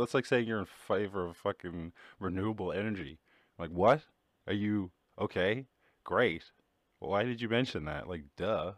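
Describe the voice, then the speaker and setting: A man's voice: low voice, dry recording, clean studio sound. A young Irish man hosting a podcast alone, chatting casually in a rambling, sweary, self-mocking way. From Ireland. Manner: rambling, swearing, self-mocking, quick shifts into mock voices. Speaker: podcast host. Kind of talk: casual solo chat.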